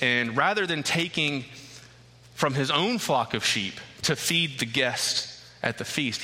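A man delivers a sermon, telling the story plainly before building to impassioned intensity. His voice is sharp and very bright. It rings out with a long reverb, as in a large hall. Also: mid-range voice. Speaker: preacher.

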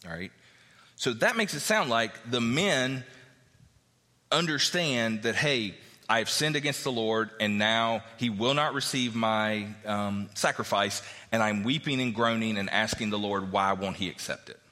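A man's voice: fairly low pitch, a little slow, bright, forceful tone, long reverb tail. A male pastor preaching a sermon, reading verses aloud and explaining them in a conversational way.

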